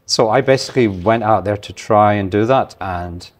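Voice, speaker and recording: A man in his sixties with a light Scottish accent worn down by travel, telling a long story in a relaxed way and acting out what other people said. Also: lowish voice, normal speed. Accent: light Scottish, softened by travel. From Scotland. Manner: relaxed anecdotal storyteller, acts out the voices of others. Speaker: podcast guest. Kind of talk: long-form storytelling interview.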